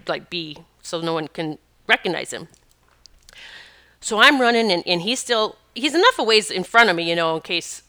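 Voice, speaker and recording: A woman's voice: lowish voice, pushed and bright. A woman hosting a podcast, casually telling a personal story in a rambling, self-correcting way. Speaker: podcast host.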